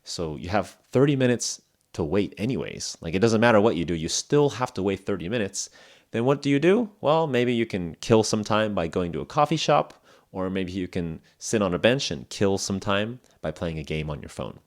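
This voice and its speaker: A young man hosting an English lesson podcast, explaining phrases in a relaxed, chatty way with acted examples. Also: fairly low pitch, normal speed. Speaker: English podcast host and teacher. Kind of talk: casual spoken English lesson.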